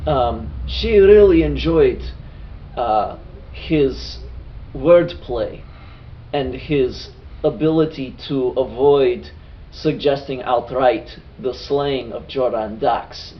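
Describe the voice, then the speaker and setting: A man recapping a tabletop game session, giving unhurried, appreciative comments, in a distant, dull lo-fi recording. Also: mid-range voice. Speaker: podcast co-host.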